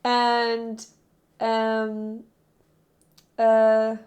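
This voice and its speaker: Chatty streamer woman, slightly high voice. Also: monotone, very slow, a little mellow. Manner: rambling and self-interrupting, chatting with viewers. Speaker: live streamer. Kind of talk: casual live-stream chat.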